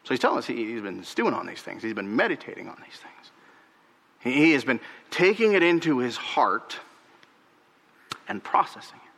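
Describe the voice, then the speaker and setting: A male pastor preaching a sermon, animated, repeating words and swinging from emphatic highs to hushed, near-whispered lows. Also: brisk, vocal fry, long reverb tail.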